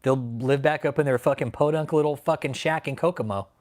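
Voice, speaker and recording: Male channel host, livestream rant, swears constantly, loud bursts then low mutters. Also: fairly quick. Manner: angry, profane ranting; swings from loud outbursts to low grumbling. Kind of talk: livestream commentary, reading chat.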